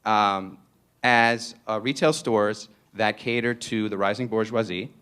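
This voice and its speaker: A man with a New York accent gives a public lecture in a somewhat low voice. He is playful and digressive and keeps tossing rhetorical "right?"s at the audience. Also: steady tone, a little slow, fairly bright tone, clean tone.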